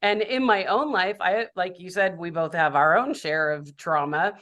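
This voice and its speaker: Woman guest, public speaker; slightly low voice, reflective and candid. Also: moderate pace, a bit bright. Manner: reflective, candid about her own life. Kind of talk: casual podcast conversation.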